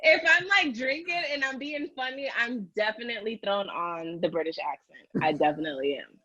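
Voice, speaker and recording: A woman from Connecticut, a podcast host being interviewed, chatting in an animated, playful way with frequent laughs. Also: fairly high pitch, fairly quick, highs cut off. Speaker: podcast host, guest here. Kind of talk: casual interview chat.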